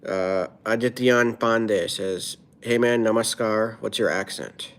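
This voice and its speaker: A tired man with an American accent, chatting casually on a livestream, reading viewer comments out loud and repeatedly asking people to subscribe. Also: lowish voice, a little slow, smooth.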